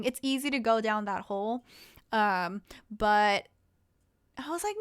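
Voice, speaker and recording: A young woman streamer chatting casually with her viewers, rambling and quick to laugh. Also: mid-range voice, lively intonation, clean tone.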